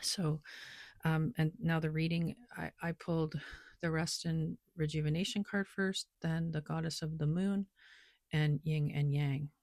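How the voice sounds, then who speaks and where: Gravelly woman rambling about her reading. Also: low voice, level tone, measured pace, a little mellow, no echo, clean studio sound. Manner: rambling, loose, lots of filler "like". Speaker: tarot and oracle card reader. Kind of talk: casual spiritual vlog monologue.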